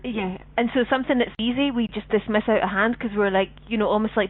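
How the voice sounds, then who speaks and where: A woman's voice: mid-range voice, fast, no echo. A woman with a Scottish accent co-hosting a radio talk show, speaking frankly and emphatically. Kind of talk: casual chat. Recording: tinny phone-line sound.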